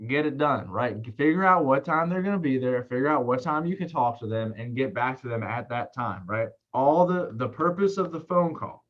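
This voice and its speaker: A man coaching salespeople in a casual, fast talk who keeps checking in with "right?". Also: medium pitch, muffled recording. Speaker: sales trainer.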